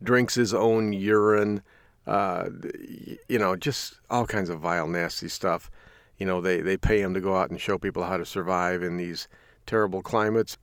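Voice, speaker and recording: A man's voice: low voice, steady tone, normal speed, clear, resonant tone, dry recording, clean studio sound. A middle-aged male host telling a casual folksy story, chuckling often as he talks. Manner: folksy storytelling with frequent laughs. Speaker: radio host. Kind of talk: casual chatty monologue.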